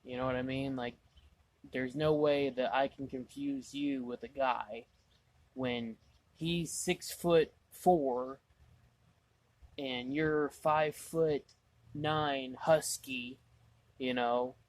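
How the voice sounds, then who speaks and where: A man's voice: mid-range voice, steady tone, slow pace, pauses often. A man vlogging casually, rambling through a story with lots of "I was like" asides, exasperated and mocking himself.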